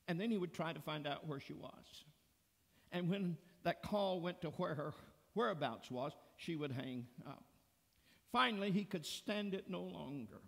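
A man preaching a sermon as pastor, telling a story slowly and deliberately. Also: a little high, gravelly, a bit bright. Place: church sanctuary. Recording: long church reverb.

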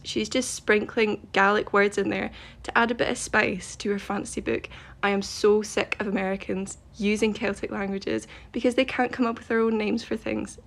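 A woman making a social media video, ranting bluntly and emphatically in an exasperated way. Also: medium pitch.

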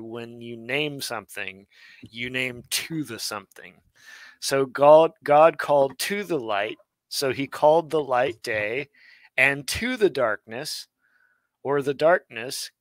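A man co-hosting a live online grammar lesson, playful and quick to interject with puns. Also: mid-range voice, dry recording. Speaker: co-host teaching Biblical Hebrew.

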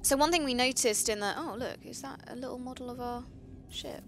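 A woman's voice: high voice, a little fast, background noise. A young woman chatting casually while playing a video game, chatty and giggly. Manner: chatty, giggly, does playful silly voices. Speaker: let's play co-host. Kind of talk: casual gameplay chat.

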